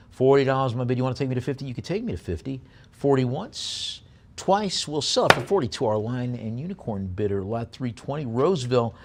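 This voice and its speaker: Male auctioneer, mid-pitched, quick bid calling with halting, filler-laden item descriptions. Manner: many filler pauses when describing items.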